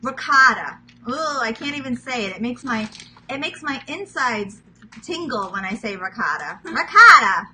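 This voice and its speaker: In a casual cooking demonstration from her home kitchen, a woman in her thirties from Queens talks viewers through a recipe in a New York accent, chatty and self-teasing as she addresses them as "guys." Her voice is a little high, animated, bright, and forceful, at normal speed. The audio quality is poor.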